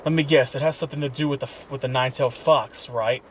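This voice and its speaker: A man's voice: mid-range voice, fairly even intonation, quick pace, a little hiss or hum, natural voice. A man voicing a stubborn, cheeky teenage boy ninja who talks bluntly and defiantly, close to his own voice.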